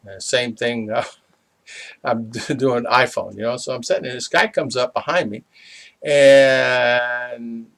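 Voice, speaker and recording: This is a middle-aged man telling a personal testimony. He speaks at an average pitch and wanders through the story with plenty of "uh"s and restarts. It is a plain, unpolished telling. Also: vocal fry, a bit bright. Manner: rambling and halting, with many fillers and restarts. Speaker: small business owner sharing a faith reflection.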